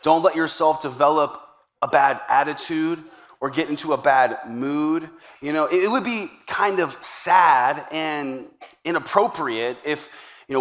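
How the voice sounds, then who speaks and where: A male pastor delivers a sermon to his congregation. His voice sits a little higher than most men's. He keeps the tone chatty and upbeat and slips in jokes as he goes. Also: fairly bright tone. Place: church service before a congregation.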